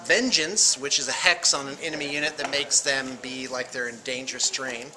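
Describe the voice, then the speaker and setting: A man's voice: medium pitch, fairly even intonation, a little fast, pushed and bright, low-quality recording. A man hosting a tabletop battle report, chatting casually as he films it on a camera in a game store. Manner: chatty, rambling, self-deprecating. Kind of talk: casual running commentary. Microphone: handheld video camera. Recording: camera mic with clear background noise.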